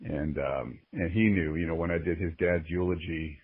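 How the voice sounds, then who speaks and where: Earnest low-voiced man, phone-quality audio. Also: normal speed, slightly rough, no room sound. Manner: earnest and openly emotional, reflective. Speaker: guest, sports ring announcer. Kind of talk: candid podcast conversation. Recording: phone-like narrow-band audio.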